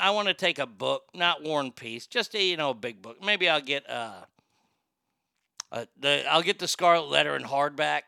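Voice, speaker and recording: A man hosting a crude comedic talk show, profane and excitable, laughing at his own jokes. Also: a little high, creaky, clear, resonant tone, dry recording, clean studio sound. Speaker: show host.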